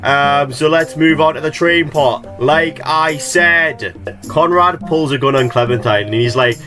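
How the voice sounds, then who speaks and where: A man giving sarcastic, exasperated gameplay recap commentary, swearing often and jumping into high excited yelps. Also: a little slow, faint music behind. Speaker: gaming video creator.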